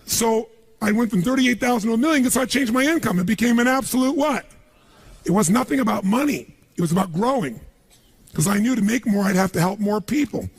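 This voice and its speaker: Raspy, gravelly motivational speaker. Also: male voice, sits high, lively intonation, a little fast. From United States. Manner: emphatic, calls on the crowd to answer. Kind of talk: live seminar speech to an audience.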